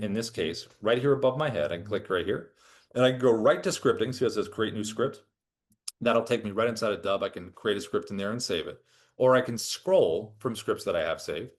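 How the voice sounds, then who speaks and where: A man giving a relaxed, chatty software tutorial as a product trainer. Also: mid-range voice. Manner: relaxed, chatty, with lively ups and downs. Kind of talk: casual screen-share tutorial.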